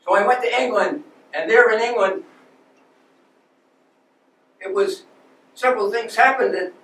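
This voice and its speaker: In an echoey lecture hall, captured by a distant mic, a male reenactor gives a first-person monologue as an aging 19th-century landscape architect who is passionate and restless. He tells his story with earnest emotion at a measured pace, his voice high and fairly bright.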